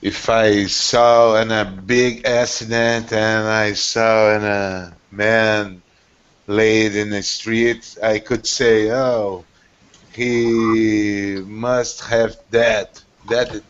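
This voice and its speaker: Slow halting male student on a call. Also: on the low side, flat delivery, a bit bright, clear, resonant tone. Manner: halting, searching for words. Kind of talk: language class practice. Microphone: video call. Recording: dull lo-fi video-call audio.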